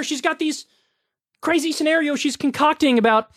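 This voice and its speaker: A man hosting a political commentary show, talking casually with sarcastic, mocking, animated rants. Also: extremely high pitch, fast talker, dry recording, clean studio sound.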